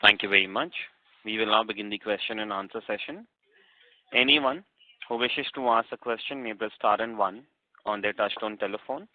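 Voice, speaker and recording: A man's voice: lowish voice, moderate pace, no room sound. A man moderating a conference call, polite and formal. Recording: tinny phone line.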